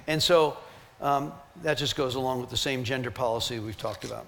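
A man leading a ministry team training, telling emphatic, animated stories to teach the group. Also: mid-range voice, brisk, vocal fry. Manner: animated, emphatic storytelling with laughs.

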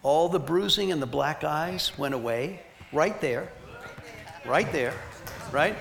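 A man teaching a ministry team and carrying his points through lively, emphatic stories. His voice sits a little high for a man. A faint background noise runs under his talk. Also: slow pace, vocal fry. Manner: animated, emphatic storytelling with laughs.

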